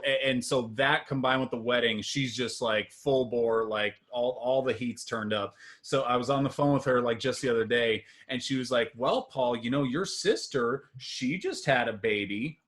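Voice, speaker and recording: Doing stand-up on a live stream, the young man talks at normal speed with few pauses, spinning long, self-mocking stories full of fillers. His voice leaps high and loud on each punchline, and he laughs at his own jokes.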